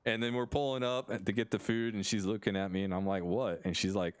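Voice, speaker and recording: A young American man talks into a headset during a live stream, rambling and restarting as he goes. His voice sits very low, and it comes through smooth and clear. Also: fast talker, no echo. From United States. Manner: rambling, self-interrupting, laughs often. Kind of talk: casual chat on a live stream.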